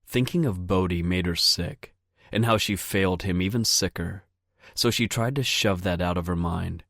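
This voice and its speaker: Audiobook narrator: low, unhurried, measured man, dry studio read. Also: creaky, dry recording. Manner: steady, measured reading. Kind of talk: scripted narration.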